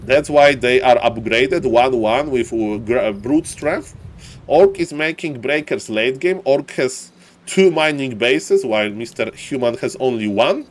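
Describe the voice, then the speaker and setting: Casting a strategy game live, this man keeps an unhurried pace while his excitable commentary keeps calling out to "ladies and gentlemen." In the fights his voice climbs high and loud.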